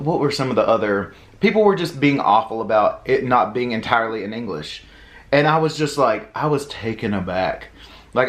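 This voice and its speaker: A man with a Southern US accent, a podcast co-host, talking casually in an animated, indignant rant full of fillers. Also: mid-range voice. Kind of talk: casual chat. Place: home, eating at table.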